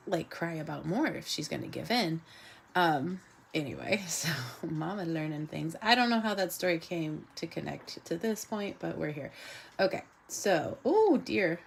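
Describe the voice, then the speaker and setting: A woman artist hosting her show, chatting casually and rambling with lots of fillers and quick laughs as she draws. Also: on the low side, vocal fry, a little hiss or hum. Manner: laughs often. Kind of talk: casual chat while drawing.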